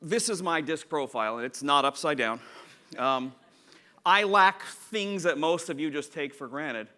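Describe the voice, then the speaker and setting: A man giving a conference talk with slides, animated and playful, acting out little quotes and scenes. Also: fairly high pitch, measured pace. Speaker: conference speaker. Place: conference room.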